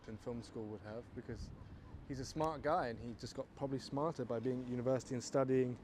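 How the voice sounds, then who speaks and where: A posh English man, a filmmaker talking to camera outdoors in a rambling, self-mocking way, trailing off into fillers. His voice sits at a middle pitch. A faint background noise hangs under it. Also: quick pace. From England. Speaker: filmmaker, vlogger. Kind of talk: rambling vlog monologue.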